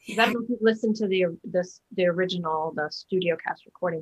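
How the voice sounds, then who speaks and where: A woman's voice: medium pitch, brisk, hardly any pauses, a bit bright, breathy edge, highs cut off. A woman Broadway actor chatting as an interview guest, talking in a loose, chatty way full of fillers and restarts. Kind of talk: casual interview chat.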